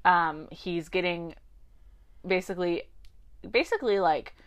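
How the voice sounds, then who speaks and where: A woman's voice: fairly low pitch, unhurried. A young woman co-hosting a podcast, chatting casually and acting out characters' lines as she recaps a TV show. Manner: animated, acts out characters' lines. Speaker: podcast co-host.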